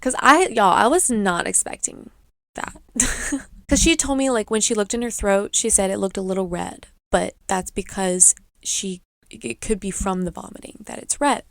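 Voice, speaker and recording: A woman's voice: mid-range voice, normal speed, gravelly, fairly bright tone, dry recording. A young woman hosting a podcast, rambling through a chatty story in a casual way. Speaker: podcast host. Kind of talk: casual chat.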